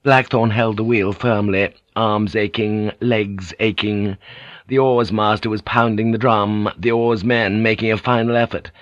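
A man reading an audiobook in a steady, measured narration. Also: lowish voice, dry recording, dull audio. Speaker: audiobook reader. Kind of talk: scripted narration.

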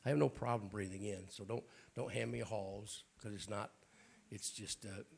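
A raspy, gravelly man preaching in a low voice, folksy and joking with his congregation, often clearing his throat. A faint hiss of noise sits under the church recording. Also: fairly even intonation, moderate pace, a little mellow. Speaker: bishop. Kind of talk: sermon.

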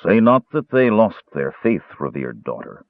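A man's voice: low-pitched, big pitch swings, unhurried, dry recording, full character voice. A man voicing a stern, solemn old male elf cleric who appears as a ghostly spirit. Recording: tinny phone-like dry sound.

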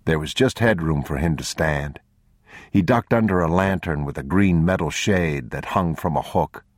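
A man narrating an audiobook in a measured, grave, unhurried way, on a close studio mic. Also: a bass voice, no echo. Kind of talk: scripted narration.

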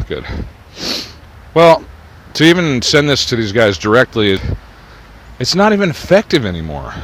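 A man's voice: mid-range voice, fairly bright tone. A man delivering a rambling, profanity-laden monologue that drifts from topic to topic in a ranting tone.

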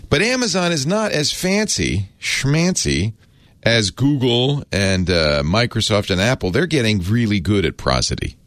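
A man's voice: on the low side, sing-song, measured pace, fairly bright tone, no room sound. A man hosting a casual explainer, talking in a chatty, wry way that often trails off and restarts. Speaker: host explaining a word of the day.

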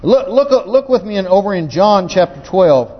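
A man's voice: high-pitched, big pitch swings, moderate pace, slightly rough. A man preaching a sermon in a folksy, fervent way, often restarting his sentences as he goes. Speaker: pastor. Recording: muffled recording in a reverberant hall.

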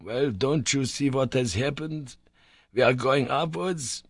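An elderly professor uncle, easily excited, pressing his point in a voice pitched well above a normal speaking voice , as a male narrator puts him on. He talks with urgent insistence, and his timbre sounds pinched and unlike the reader's own voice. It is dry and close to the mic, as in a storybook audiobook. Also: takes it slowly, slightly rough, dry recording.

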